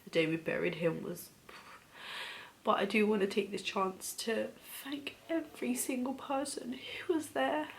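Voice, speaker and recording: A woman in her thirties shares a deeply personal story of grief for her vlog. Her voice is heavily gravelly with fry and often slips into soft, breathy near-whispers. Faint ambient noise sits behind her. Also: expressive, moderate pace. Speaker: vlogger.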